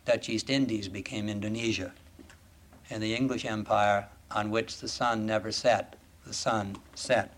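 A man lecturing an audience in a deliberate, emphatic way, often asking rhetorical questions. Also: lowish voice, fairly even intonation, fairly bright tone. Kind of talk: formal lecture.

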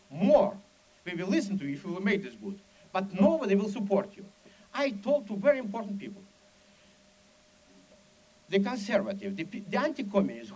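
A man's voice: sits high, low-quality recording. A Soviet émigré man with a heavy Russian accent and broken English, speaking urgently and emphatically as a dissident. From Soviet Union. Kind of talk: impassioned speech.

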